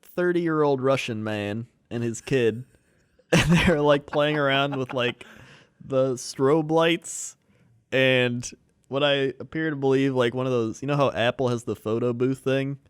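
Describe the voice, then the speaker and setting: A man's voice: medium pitch, unhurried, smooth, no echo. A man co-hosting a podcast, telling stories loosely with many fillers. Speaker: podcast co-host. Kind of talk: casual chat.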